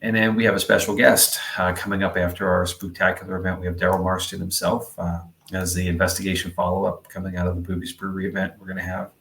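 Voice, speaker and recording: A man's voice: low voice, little pitch movement, fast talker, creaky, hardly any pauses, fairly bright tone, reverberant. A man co-hosting a podcast in meandering, chatty conversation, full of fillers. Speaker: podcast co-host. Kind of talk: casual podcast chat.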